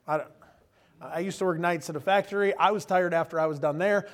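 A man's voice: high voice, brisk. Chuckling conversational male preacher. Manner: conversational, chuckling, acts out quoted voices. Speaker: pastor. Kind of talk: sermon.

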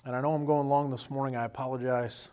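A man preaching a sermon with passion, swinging from quiet asides to loud calls and acting out the voices of others. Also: medium pitch, flat delivery, fast talker, clear, resonant tone. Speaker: pastor.

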